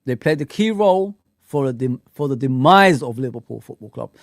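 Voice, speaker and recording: A man's voice: medium pitch, animated, a little fast, gravelly, dry recording, studio quality. A man hosting a live football fan chat, ranting bluntly and animatedly with slang asides. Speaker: fan channel host.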